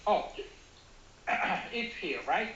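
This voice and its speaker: A man's voice: sits high, expressive, extremely slow, creaky, sharp tone, echoey room, muffled recording, slight background noise. A man teaching English, explaining patiently and often asking if students follow. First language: Spanish. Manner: explains patiently, checks understanding with repeated "okay?". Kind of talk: online class explanation.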